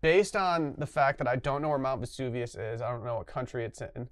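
A man's voice: medium pitch, steady tone, a little fast. Man rambling through his reasoning. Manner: rambling, thinking aloud. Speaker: quiz contestant. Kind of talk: casual chat.

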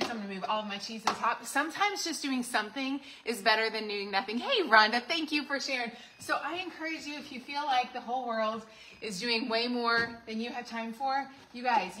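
A middle-aged woman with a drawl chats away on a kitchen livestream. Her voice sits a touch high, full of fillers and friendly asides to the people watching. A steady background noise runs under her talk. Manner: chatty, warm asides to viewers, many fillers. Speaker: home organizing vlogger. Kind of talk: casual livestream chat. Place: home kitchen.

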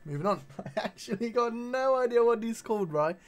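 A man's voice: extremely high pitch, a little fast. A young man chatting casually in a vlog, full of slang and swearing as he shows off his shoes. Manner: animated slangy banter with frequent swearing. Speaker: vlogger. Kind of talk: casual chat showing his shoe collection.

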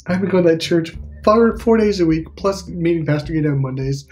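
A man's voice: on the high side, a little fast, a little mellow, faint music behind. A middle-aged man, a spiritual life coach, telling a long personal story in a rambling, casual way, swearing now and then and acting out what other people said. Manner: rambling, profane, restarts often, voices other people in his story.

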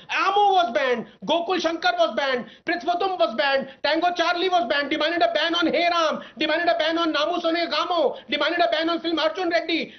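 A man's voice: extremely high pitch, muffled recording. A man arguing emphatically as a panelist in a televised debate, rattling off long lists.

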